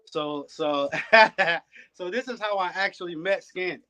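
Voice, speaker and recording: A man, a guest on a podcast and a dog breeder, telling stories in a relaxed, casual way. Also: high voice, a little slow. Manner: laid-back, peppers talk with "man". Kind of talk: casual storytelling chat.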